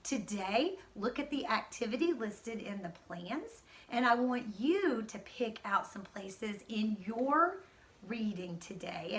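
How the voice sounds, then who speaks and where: A woman's voice: mid-range voice, fairly bright tone. A young woman teacher reading a storybook aloud with expression, then explaining it to young pupils. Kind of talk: recorded reading lesson for children.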